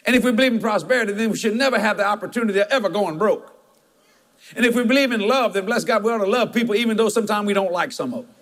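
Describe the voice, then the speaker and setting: High-voiced preacher. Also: male voice, rapid-fire, a bit bright. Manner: folksy storytelling, chuckling, emphatic asides. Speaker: pastor. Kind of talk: sermon.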